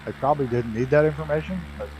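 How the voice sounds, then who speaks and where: A man's voice: a little high, quick pace, darkish tone, slight background noise, low-quality recording. Profane, laughing man telling stories. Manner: profane, storytelling, laughs often. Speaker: streamer. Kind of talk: casual chat while streaming a flight sim.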